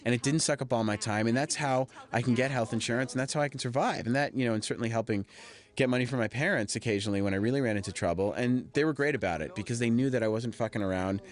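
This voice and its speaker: Fast-talking man telling candid stories. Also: medium pitch. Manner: rambling, candid storytelling with frequent swearing. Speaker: film director giving commentary. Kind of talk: DVD audio commentary.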